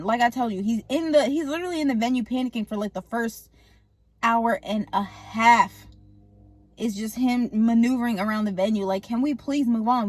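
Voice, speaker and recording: Woman movie reviewer, slangy and jokey, fairly high voice, dry close sound. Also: dry recording. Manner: slangy, jokey, acts out the characters. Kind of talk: casual movie recap.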